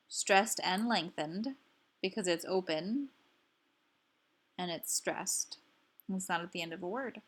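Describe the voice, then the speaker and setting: A woman teaching a language lesson, explaining syllables slowly and repeating each example word carefully for learners. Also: medium pitch. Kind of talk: slow instructional explanation.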